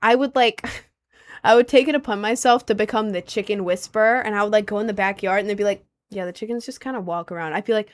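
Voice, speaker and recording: Low-voiced, playful young woman streamer. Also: fast. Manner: playful and giggly, with sudden squeaky bursts. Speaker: livestreamer. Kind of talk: casual livestream chat, reading comments aloud.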